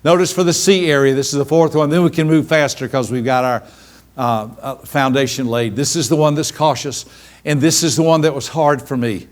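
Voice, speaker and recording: A man's voice: medium pitch, fairly quick. A man, a business coach telling stories to a seminar audience and acting out the voices of people in them. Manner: animated, acts out quoted voices. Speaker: business coach giving a training. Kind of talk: live seminar storytelling.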